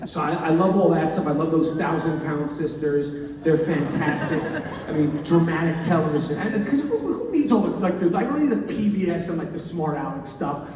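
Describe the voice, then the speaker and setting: A man's voice: sits high, background noise. A man doing stand-up comedy, rambling, with lots of fillers and restarts. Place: large hall with an audience. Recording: echoey hall, mic from far off.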